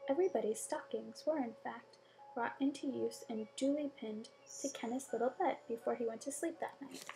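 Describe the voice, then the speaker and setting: A woman reading a bedtime story aloud with gentle expression and soft whispered asides. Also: fairly high pitch, moderate pace, creaky, slight background noise, rough recording.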